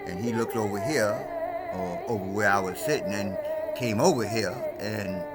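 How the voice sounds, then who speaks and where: A man's voice: lowish voice, expressive, moderate pace. An older man vlogging, telling a rambling personal story in a laid-back, meandering street-talk manner. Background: music playing.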